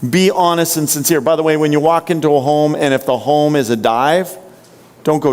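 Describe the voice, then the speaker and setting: A man's voice: on the high side, moderate pace. A man giving a motivational sales training talk, punchy and full of rhetorical questions to the audience. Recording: long hall reverb.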